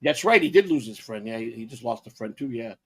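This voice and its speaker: A man's voice: mid-range voice, animated, quick pace, husky. A man co-hosting a podcast, telling rambling stories with lots of repeats and swearing. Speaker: podcast co-host. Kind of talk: rambling casual storytelling.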